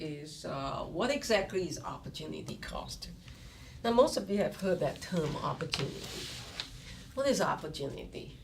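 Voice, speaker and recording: A woman's voice: fairly low pitch, a little hiss or hum. A woman lecturing on economics, explaining terms step by step, asking rhetorical questions and acting out what students might say. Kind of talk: recorded lecture. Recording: distant mic with faint room ambience.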